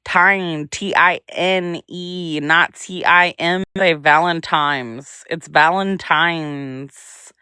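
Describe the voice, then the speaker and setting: A young woman talks casually to her livestream viewers, taking her time and drawing out her words. Her voice sits a little low, and she hums idly between remarks. The sound is dry and close. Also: steady tone, extremely slow, bright, forceful tone, clean tone, dry recording. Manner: drawling, chatty, humming to herself between remarks. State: pregnant. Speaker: livestream host.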